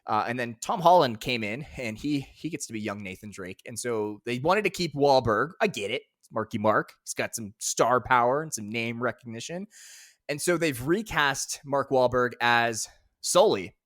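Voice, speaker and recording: A man co-hosting a casual gaming podcast, enthusiastic and quick to laugh. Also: mid-range voice, expressive, fairly bright tone, dry recording, studio quality. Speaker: podcast co-host.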